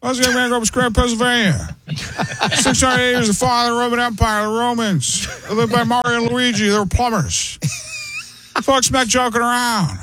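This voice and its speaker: A man's voice: extremely high pitch, big pitch swings, moderate pace, bright, forceful tone, voice pushed up, full character voice, low-quality recording. A man doing a comic impression of an addled elderly male politician who rambles nonsense. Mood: rambling.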